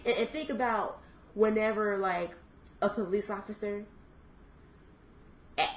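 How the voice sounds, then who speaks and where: A young woman in her twenties co-hosting a podcast, thinking out loud in casual chat with lots of fillers. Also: mid-range voice, fairly even intonation, a little slow, echoey room, poor audio. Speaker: podcast co-host.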